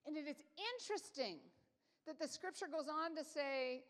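A woman's voice: high-pitched, moderate pace. A woman preaching a sermon, earnest and emphatic, talking conversationally with fillers and restarts. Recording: long hall reverb.

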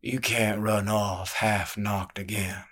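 A man voicing a sly, calculating older male spymaster who talks slowly and smoothly, needling as he goes. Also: on the low side, level tone, a bit bright, heavily acted. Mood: cool, needling.

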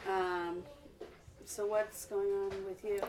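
A woman's voice: mid-range voice, completely flat delivery, takes it slowly, darkish tone. A woman co-hosting a casual podcast chat, teasing her friend with blunt banter. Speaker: podcast co-host.

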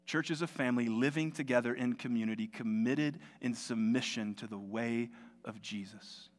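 A man's voice: medium pitch, normal speed. A male pastor preaching a sermon in a church, in a conversational, storytelling way. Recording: long reverb of a large hall.

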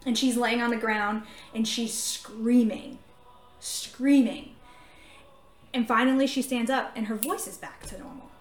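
A woman co-hosting a faith podcast, telling a story in an animated, casual way with lots of fillers. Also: fairly high pitch, normal speed, faint music behind. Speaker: podcast co-host. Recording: echoey room.

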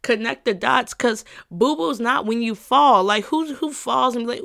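Woman podcasting solo, kinda high voice, says the same line over and over, cusses a lot, laughs a bunch. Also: measured pace, vocal fry, fairly bright tone. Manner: emphatic and repetitive, with frequent profanity; playful, breaks into laughter. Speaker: podcast host. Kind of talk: casual solo podcast monologue.

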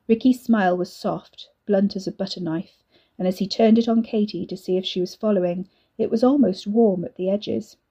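A woman giving a steady, measured reading of a storybook. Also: medium pitch, breathy edge, muffled recording. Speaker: narrator. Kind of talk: storybook narration.

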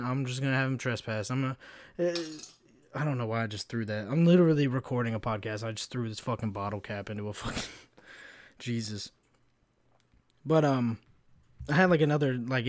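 Young man, mid-pitched voice, worn out after work, cursing, ranting casually, dry sound. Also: no room sound. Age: 20s. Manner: profane, venting, animated storytelling. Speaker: podcast host. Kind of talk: casual solo podcast rant.

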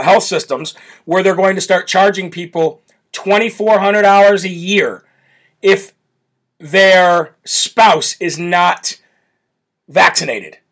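A high, slightly bright male voice belongs to an American political talk show host who reads the live chat, brash and mocking, often laughing at viewer comments.

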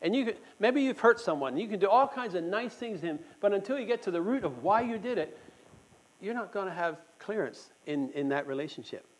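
Man preaching to a meeting, earnest, pitch jumps all over, kinda high for a guy. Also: lively intonation, fairly quick, poor audio. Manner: earnest, asks the audience questions. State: just had a tooth pulled. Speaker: church speaker. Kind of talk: conversational sermon.

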